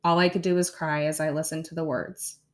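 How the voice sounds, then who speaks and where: A woman, a podcast host in her thirties, chatting casually with soft laughs and reading her own blog aloud. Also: sits low, level tone, brisk.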